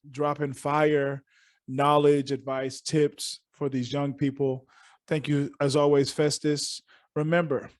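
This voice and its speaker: An upbeat male podcast host with a slightly raised pitch who talks in casual, effusive bursts. He doubles and triples words for emphasis as he thanks his guests and signs off. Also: darkish tone.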